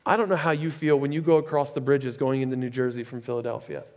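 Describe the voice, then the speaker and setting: A male pastor preaching a sermon in a conversational, animated way, with chatty asides. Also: mid-range voice, quick pace. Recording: echoey hall with long reverb.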